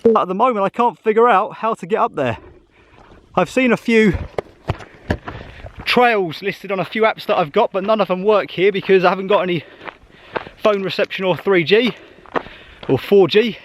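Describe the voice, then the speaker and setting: A man's voice: sits high, moderate pace, pauses often, slight background noise. A man walking outdoors on a mountain trail, chatting casually to a handheld camera as he vlogs his trip, a little out of breath. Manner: chatty, thinking aloud while walking. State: slightly out of breath on a hike. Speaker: travel vlogger. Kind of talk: casual travel vlog narration.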